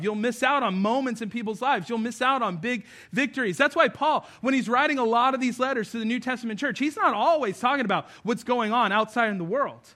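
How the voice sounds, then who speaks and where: A man's voice: high voice, bright, forceful tone. A man preaching a sermon to his church, in an earnest, conversational way with touches of humor. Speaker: pastor. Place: church service before a congregation.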